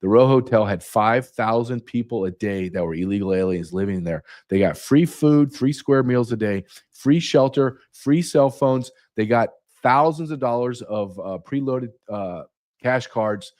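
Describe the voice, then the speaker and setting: A man's voice: mid-range voice, measured pace, darkish tone. A man speaking as a guest, emphatic and repeating key numbers for effect. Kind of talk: emphatic interview talk.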